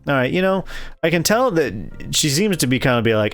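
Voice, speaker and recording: A man hosting a story game playthrough, reading the text and joking about it in an animated, self-correcting way. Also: medium pitch, a little fast, faint music behind. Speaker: let's play host.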